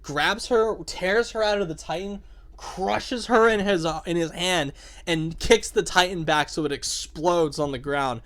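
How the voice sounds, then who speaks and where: A young man chatting excitedly about a video game, swearing and saying "like" a lot as the show's host. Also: a little high. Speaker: podcast host. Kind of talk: casual game discussion.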